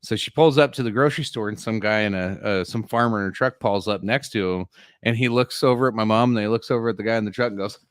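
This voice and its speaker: Animated middle-aged man telling a story. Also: lowish voice, fast, clear, resonant tone, dry recording, studio quality. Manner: animated, laughing, swearing storyteller. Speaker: podcast co-host. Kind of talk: casual storytelling on a live stream.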